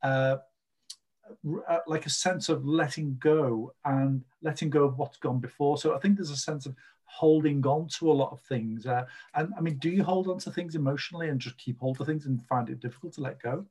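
A man's voice: fairly high pitch, a little fast, darkish tone, slightly rough. A man hosting a podcast, giving a casual card reading in a rambling, chatty way. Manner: chatty, rambling, full of fillers. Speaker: podcast host and card reader. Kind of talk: casual psychic reading chat.

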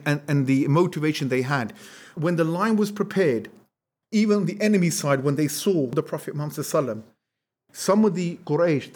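Higher-pitched man telling history lessons. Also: breathy edge. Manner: animated storyteller, acts out quotes; asks the audience rhetorical questions. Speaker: religious teacher.

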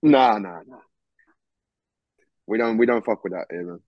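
A man's voice: fairly low pitch, moderate pace, dry recording. A man, a guest musician, chatting casually and loosely, with plenty of slang and swearing. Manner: lively, swears freely, lots of slang. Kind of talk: casual interview chat. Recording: dull, dry recording.

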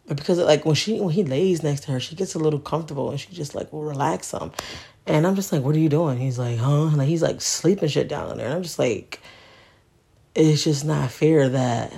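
Young-mom podcaster, husky and worn out; loose, profane, frustrated chat. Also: female voice, sits low, a little fast, dark tone. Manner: profane, frustrated, keeps asking "you know what I mean". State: tired. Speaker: podcast host, mother. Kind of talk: casual venting monologue.

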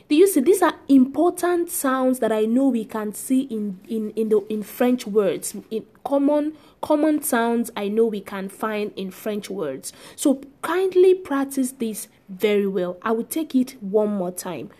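A woman's voice: a little high, lively intonation, mellow. A woman teaching a French pronunciation lesson, patient and repetitive, drilling each sound several times. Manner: slow, patient, drills sounds by repeating them. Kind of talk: spoken language lesson.

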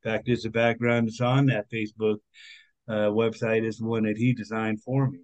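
A man's voice: fairly low pitch, level tone, normal speed, darkish tone, no room sound, rough recording. A man guesting on a podcast, speaking earnestly and with some indignation, with many fillers in his speech. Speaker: podcast guest, author and activist. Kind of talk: conversational interview.

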